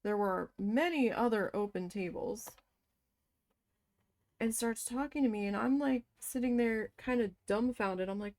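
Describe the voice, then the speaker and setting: A woman casually telling a story from her past, animated and swearing as she quotes her own shocked reactions. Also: fairly high pitch, moderate pace, creaky. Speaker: crafting vlogger.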